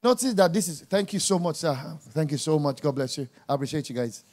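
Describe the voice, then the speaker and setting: High-voiced preacher, emphatic. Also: male voice, animated, quick pace. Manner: emphatic, jabbing, swings from quiet asides to loud exclamations. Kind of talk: sermon.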